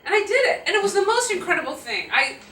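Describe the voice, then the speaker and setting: A woman in her fifties answers audience questions with laughing, self-mocking stories. Her voice is high and bright, and her pitch swings widely. She is heard from a distant mic in a roomy hall with a faint hum behind her. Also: quick pace. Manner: animated, laughing, self-deprecating. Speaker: guest speaker. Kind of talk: live audience Q&A storytelling. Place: auditorium with audience.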